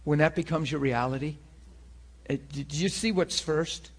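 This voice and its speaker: A man preaching a sermon to a class, talking in an animated, conversational way. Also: a little high, measured pace.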